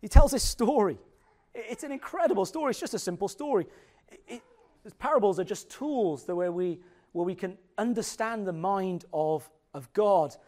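A middle-aged man preaching with a fairly high voice. He talks expressively, then slows and softens to stress scripture. A sermon voice. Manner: expressive, drops to slow quiet emphasis on scripture.

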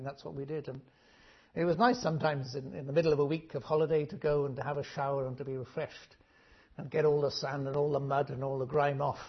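A man preaching a sermon in a gentle, conversational storytelling way. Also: medium pitch, husky. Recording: dull lo-fi recording.

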